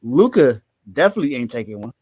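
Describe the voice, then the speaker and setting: A man's voice: medium pitch, very animated, quick pace, a little mellow, husky, no echo, studio quality. Emphatic, repetitive sports podcast man. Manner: repeats himself, emphatic and incredulous. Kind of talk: casual sports talk.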